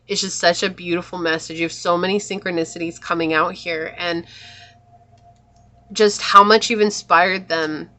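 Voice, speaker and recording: An earnest woman talks through a tarot reading with a slightly low voice. She sounds emotional and spiritual as she speaks to the viewer. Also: steady tone, moderate pace, pushed and bright. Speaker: tarot reader.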